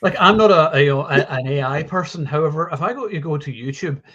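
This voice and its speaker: Animated man on lo-fi audio. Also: fairly high pitch, quick pace. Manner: animated, swears freely, many fillers. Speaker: podcast co-host. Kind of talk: casual chat about films.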